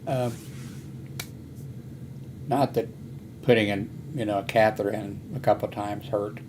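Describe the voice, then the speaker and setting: A man's voice: lowish voice, steady tone, a little slow, darkish tone, a little hiss or hum. Older man telling a rambling story. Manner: meandering, many fillers and restarts. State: hard of hearing. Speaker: vlogger.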